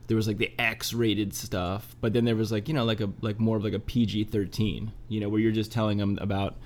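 A man's voice: on the low side, little pitch movement, fairly quick. A man co-hosting a podcast in casual chat, teasing and rambling playfully. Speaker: podcast co-host.

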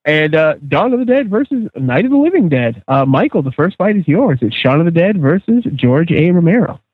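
A man hosting a casual podcast chat, moderating the panel's votes in an animated way. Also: a little high, brisk, dry recording. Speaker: podcast host. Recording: tinny lo-fi phone-like sound.

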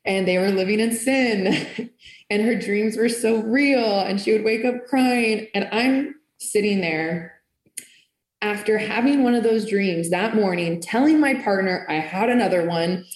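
An earnest woman tells her faith story in casual, heartfelt speech, with plenty of "like" as she goes. Her pitch sits in the middle. The recording is echoey, as if made in a bare room. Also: measured pace. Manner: earnest and emotional, lots of "like". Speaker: faith testimony speaker. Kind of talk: personal testimony, casual.

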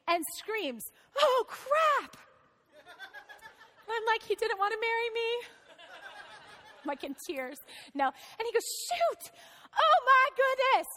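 A woman's voice: high-pitched, bright, forceful tone, big-room sound. A woman pastor preaching a sermon in a conversational way, asking the congregation questions.

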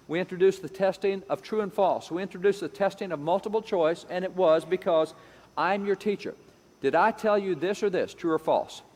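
A man delivering an emphatic lecture, building his points through repetition and briefly acting out the voices he quotes. His voice sits a touch high for a man. It rings out with a long reverb, as if in a large hall. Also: darkish tone. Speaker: speaker on education history. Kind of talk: lecture-style talk.

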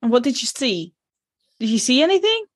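A woman's voice: high voice, big pitch swings, brisk, husky, dry recording, clean studio sound. Hesitant woman at a tabletop game. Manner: hesitant, filler-heavy, in-character chat. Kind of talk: playing a tabletop role-playing game.

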